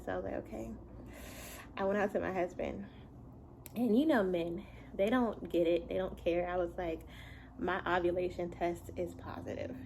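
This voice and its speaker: A young woman in a chatty home storytime, her voice sitting a little low for a woman. She tells the story in an animated way, laughing as she goes. A faint hiss sits behind her. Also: creaky, low-quality recording. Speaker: vlogger and mother. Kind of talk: casual storytime.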